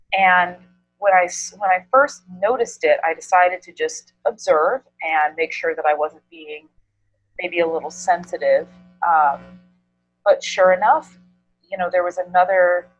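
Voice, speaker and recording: A woman in her thirties, a doctoral student, telling a personal story in an interview in an earnest, measured way, pausing to choose her words. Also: fairly low pitch, breathy edge, poor audio.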